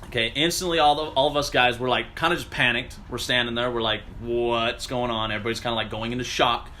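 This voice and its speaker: Telling a story in casual conversation, a man gets animated and profane, slipping into the voices of the people he quotes. His voice is bright and forward at an ordinary middle pitch, he talks very fast, and there's a little hiss or hum.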